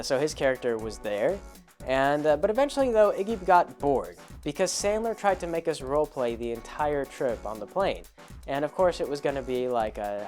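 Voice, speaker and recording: A man's voice: medium pitch, darkish tone. Man, host, casual rambling storytelling, mid-range voice, faint music underneath. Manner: rambling, repeats words while recounting. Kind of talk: casual anecdote about a tabletop game.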